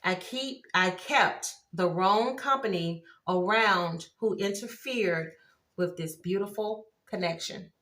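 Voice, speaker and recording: Excitable woman reading tarot cards aloud. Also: lowish voice, slow pace. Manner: excitable, exclaims at cards, laughs often. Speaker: tarot reader. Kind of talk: casual tarot reading to viewers.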